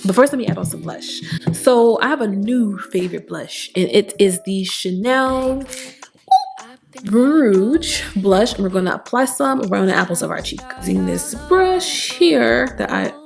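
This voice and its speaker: A young woman vlogging at home while she does her makeup, chatty and animated, her voice a little raspy and tired. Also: mid-range voice, measured pace, soft background music. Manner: chatty and animated, with bursts of faith talk. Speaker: beauty vlogger. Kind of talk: casual chat while doing makeup. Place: home, new apartment.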